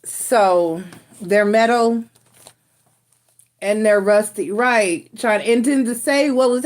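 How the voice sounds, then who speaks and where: A woman's voice: a little high, takes it slowly, long pauses. A woman hosting a casual live stream, rambling in a frustrated way with restarts and sighs. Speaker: tarot reader and live stream host.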